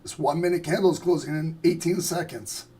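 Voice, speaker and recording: A man with a raspy, husky voice talks viewers through live charts in a loose, joking way. His pitch sits slightly high for a man, and he thinks out loud as the market moves. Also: fairly even intonation, brisk. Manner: casual, joking, thinks aloud. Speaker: trading stream host. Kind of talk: live trading commentary.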